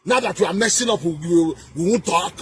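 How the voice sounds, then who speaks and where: A man with a Nigerian accent delivering a heated political rant, emphatic and repetitive, with sing-song rises and shouted bursts. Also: high-pitched, fairly quick, slight background noise. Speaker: political commentator.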